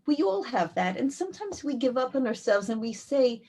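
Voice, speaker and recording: Animated, heartfelt woman storyteller. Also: normal speed, husky. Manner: heartfelt, animated storytelling, rises high when quoting. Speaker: rebbetzin, community educator. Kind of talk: interview storytelling.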